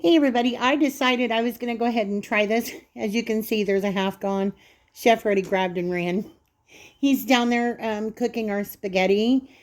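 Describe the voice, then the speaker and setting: A woman's voice: a little high, normal speed. A woman hosting a casual home cooking vlog in her kitchen, chatting straight to viewers as she cuts food open and tastes it.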